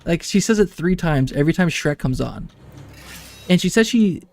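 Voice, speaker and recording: A man's voice: fairly high pitch, lively intonation, moderate pace, gravelly, darkish tone. Laid-back young man chatting casually. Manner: rambling anecdotes with frequent laughs. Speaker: streamer. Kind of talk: casual chat while gaming.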